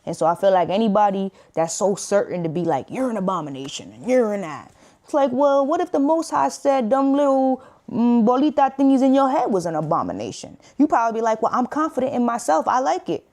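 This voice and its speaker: A woman with a New York accent giving casual reaction commentary as a streamer. She talks in slang, breaks into laughs between points, and jumps up into high asides. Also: sing-song, fairly quick, warm tone.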